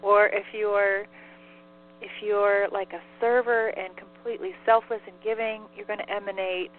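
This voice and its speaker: A woman's voice: medium pitch, little pitch movement, normal speed. Giggly chatty woman on a phone line. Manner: giggly, chatty, many "like" fillers. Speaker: medium relaying a spirit's messages. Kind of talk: casual call-in radio talk. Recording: phone line with faint mains hum.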